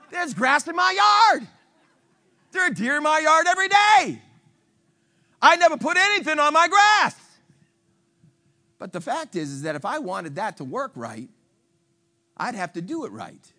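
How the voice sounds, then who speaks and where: A man preaching a sermon as pastor, animated and emphatic, teasing his listeners. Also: very high-pitched, unhurried, pauses often.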